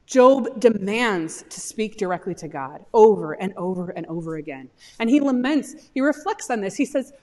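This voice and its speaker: A woman pastor giving a sermon, talking in an animated way and rising into impassioned pleas when she voices a suffering man. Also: a little high, moderate pace, hardly any pauses. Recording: long hall reverb.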